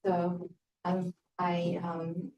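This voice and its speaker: A woman from Australia introduces herself to a workshop group in a friendly way, pausing on fillers. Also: fairly low pitch, completely flat delivery, darkish tone, a little hiss or hum. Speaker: workshop participant. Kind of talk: self-introduction. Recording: echoey room, distant mic.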